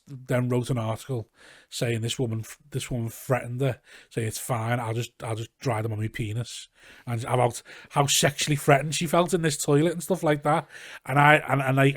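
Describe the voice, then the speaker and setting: A man's voice: medium pitch, no room sound, studio quality. A man with a Scouse accent, a comedian guest on a casual podcast, telling rambling, sweary anecdotes and acting out what people said. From Liverpool, England. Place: garage.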